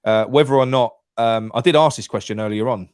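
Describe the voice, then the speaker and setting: Chatty London host with a dry voice. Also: male voice, mid-range voice, fairly quick, darkish tone, clear, resonant tone, dry recording. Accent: London English. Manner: chatty, swears freely, many restarts. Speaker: phone-in host. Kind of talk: casual fan phone-in chat.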